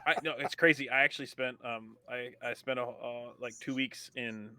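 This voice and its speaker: Male player from California, mid-pitched, chatty and profane, frequent restarts. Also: steady tone, normal speed, bright, forceful tone. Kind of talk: casual tabletop session chat.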